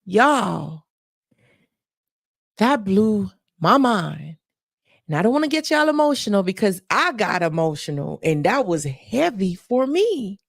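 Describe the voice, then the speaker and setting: A woman's voice: mid-range voice, very animated, slow pace, gravelly, no echo, studio quality. A Jamaican woman, a mother, hosting a live stream and speaking earnestly and emotionally, often repeating herself and addressing her viewers directly. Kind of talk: heartfelt live-stream talk.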